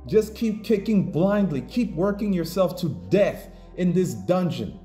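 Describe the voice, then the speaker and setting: A man's voice: high voice, dark tone. A man delivering an angry, combative commentary rant, mocking and insulting his critics. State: pissed off. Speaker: independent comic creator and commentator.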